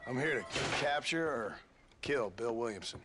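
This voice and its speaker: An actor playing a calm, terse frontier gunman in a western video game, speaking in a level, clipped way. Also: mid-range voice, normal speed, noisy background, lightly acted.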